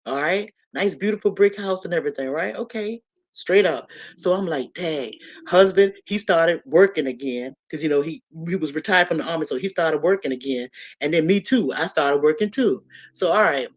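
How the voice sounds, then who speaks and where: A woman telling a personal story to a live audience in a lively, animated way, often calling her listeners y'all. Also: low-pitched, normal speed.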